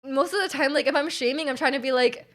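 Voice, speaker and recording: A woman streamer chatting casually with her viewers, loud and energetic, full of fillers, her volume jumping around. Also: sits high, fast talker. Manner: chatty, many fillers, reads chat aloud. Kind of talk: casual live-stream chat.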